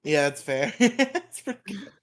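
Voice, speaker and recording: A man's voice: high-pitched, sing-song, measured pace, fairly bright tone. A man co-hosting a podcast, recapping episodes in a loose, chatty way, laughing often and humming theme tunes. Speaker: podcast co-host.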